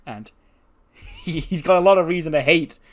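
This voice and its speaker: A man's voice: on the high side, normal speed. Laughing man narrating a game. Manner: laughs often, animated narration. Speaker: gaming YouTuber. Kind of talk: casual game commentary.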